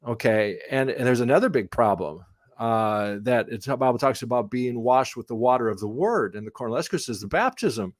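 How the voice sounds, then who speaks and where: A middle-aged man, a missionary pastor whose first language is English, answering questions in a live conversation, rambling with many restarts and growing animated when he tells stories. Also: mid-range voice, fairly quick, dry recording, studio quality. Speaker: missionary pastor and Bible translation theologian.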